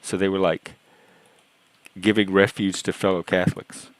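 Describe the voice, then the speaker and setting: A Cajun man from South Louisiana in his forties, rambling and halting as he tells stories while hosting a panel chat. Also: sits low, little pitch movement, rough recording. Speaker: host of a panel discussion. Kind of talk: casual chat.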